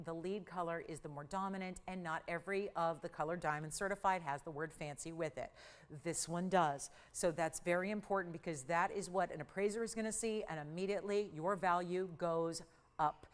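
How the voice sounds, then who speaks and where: A middle-aged woman hosting a live TV jewelry sale, pitching in an upbeat, persuasive and urgent way. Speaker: shopping channel host. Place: TV studio.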